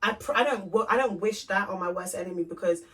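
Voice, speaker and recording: A young woman tells a personal story on a podcast, playing out every line of dialogue herself. Her voice sits at a middle pitch and is picked up a little away from the mic. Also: quick pace. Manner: candid, animated storytelling, acts out both sides of conversations. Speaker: podcast co-host. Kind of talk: casual chat, storytelling. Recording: voice from a distance off the mic.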